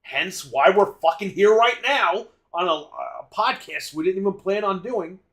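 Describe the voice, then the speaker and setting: A man's voice: high voice, lively intonation, unhurried, fairly bright tone. A man co-hosting a gaming podcast, ranting in a heated, profane way. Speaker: podcast co-host. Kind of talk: casual gaming podcast rant.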